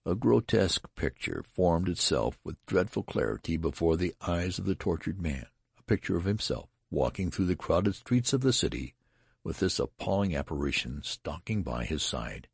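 Very deep, gravelly male narrator. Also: expressive, normal speed, no echo, clean studio sound. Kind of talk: audiobook narration.

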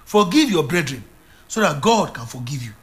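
A man's voice: a little high, very animated, moderate pace. A man preaching a sermon as an evangelist, emphatic and repetitive, with stammered restarts.

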